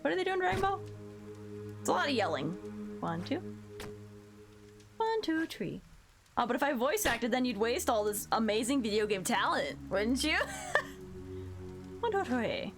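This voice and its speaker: Playful woman gamer streaming, high voice, counts one two three, yelps a lot, music under her. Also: sing-song, moderate pace, long pauses. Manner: counts aloud while playing, yelps at failures; self-mocking, playful chatter with chat. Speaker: VTuber game streamer. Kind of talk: live gameplay commentary. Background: background music.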